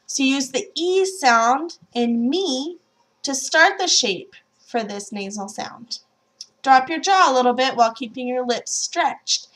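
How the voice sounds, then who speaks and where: A woman's voice: high voice, fairly bright tone. A woman teaching French pronunciation, modeling nasal vowels and having learners repeat drill words after her. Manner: slow, demonstrates sounds and repeats drills. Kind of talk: language lesson.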